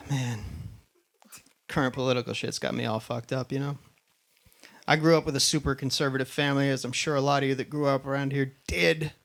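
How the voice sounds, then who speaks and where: A man's voice: mid-range voice, fairly even intonation, fairly quick, creaky, pauses often, fairly bright tone. Profane conversational male stand-up comic. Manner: profane, conversational, does mock voices of others. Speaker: stand-up comedian. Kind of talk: stand-up set. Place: live comedy venue.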